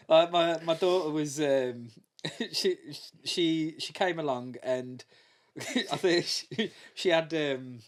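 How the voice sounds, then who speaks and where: A man co-hosting a casual dads' podcast, halting and restarting, often laughing mid-sentence. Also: a little high. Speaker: podcast co-host. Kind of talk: casual chat among dads.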